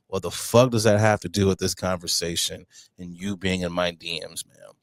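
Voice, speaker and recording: A blunt, profane man co-hosts a casual podcast. His voice sits very low and crackles with gravel, and the sound is dry and close. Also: steady tone, normal speed, no room sound. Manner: blunt, profane storytelling with mocking put-on voices. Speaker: podcast co-host.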